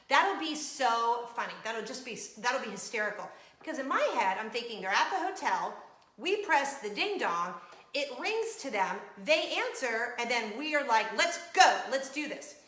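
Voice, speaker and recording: A middle-aged woman hosting a casual vlog, telling a story in an animated way and laughing as she acts out scenes. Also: fairly high pitch, normal speed. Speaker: vlog show host. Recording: echoey room.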